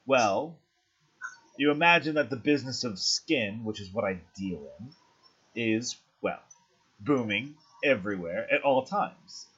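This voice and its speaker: A flirtatious, coy woman who deals in shady business, as a man puts her on at a tabletop game. She purrs her lines with playful teasing in a husky voice. The recording is dull and lo-fi. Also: mid-range voice, lively intonation, measured pace, a bit bright. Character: flirtatious, coy woman dealer in a fantasy city.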